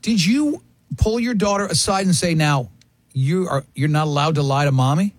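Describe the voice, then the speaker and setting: A man co-hosting a casual talk show, teasing and scolding his co-hosts in quick banter with a husky voice. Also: fairly high pitch, lively intonation, no room sound. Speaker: co-host.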